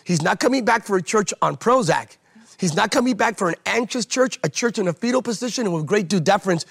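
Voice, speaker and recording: A pastor preaching with fervor, his high voice carrying a gravelly edge. He hammers his points home by repeating phrases over and over, sermon-style, even in conversation. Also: quick pace. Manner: emphatic, repeats phrases for rhetorical effect.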